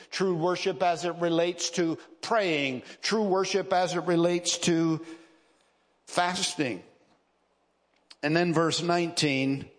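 Male preacher, sermon delivery, slow and emphatic, reverberant church hall. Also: a little high. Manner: emphatic preaching with repetition and rising stresses. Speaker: pastor. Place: church sanctuary. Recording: long reverb of a large hall.

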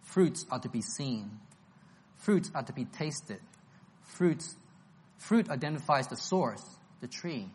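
A man's voice: mid-range voice, animated, slow, darkish tone. A man preaching an expository Bible-study sermon, emphatic and enthusiastic, repeating his key phrases.

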